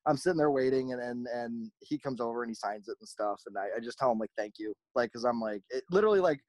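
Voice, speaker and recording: A man telling stories in a casual chat, rambling and animated, often acting out the voices of people he quotes. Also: medium pitch, fast talker, dry recording. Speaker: podcast host, merch company owner.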